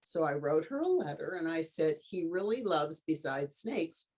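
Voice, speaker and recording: A middle-aged woman, an author and tutor, telling a story as an interview guest in an animated way and acting out the voices of the people in it. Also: low voice, normal speed, slightly rough.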